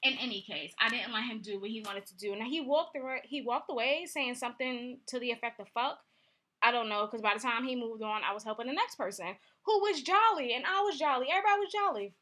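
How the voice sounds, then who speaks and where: A young woman vlogging casually, telling a candid story in an animated way and acting out what people said. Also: a little high, fast talker.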